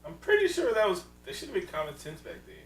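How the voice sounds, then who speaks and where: A man co-hosting a podcast, casually recapping a movie, loud, swearing freely and acting out scenes, laughing often. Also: high voice, wildly swooping pitch, fast, roomy sound, distant mic, poor audio. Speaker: podcast co-host.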